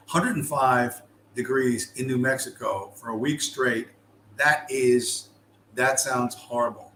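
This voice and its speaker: On a casual livestream, a US East Coast man tells rambling, profane stories at a slow pace, often forgetting where he was going. His mid-range voice is fairly bright, and the roomy recording carries faint ambience plus a little hiss or hum.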